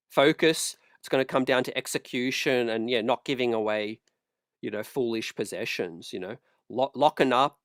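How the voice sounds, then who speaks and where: A man's voice: medium pitch, clean tone, dry recording, clean studio sound. A man hosting a basketball fan channel, talking in a casual, worked-up way and leaning on fillers like "you know" and "man". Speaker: sports channel host.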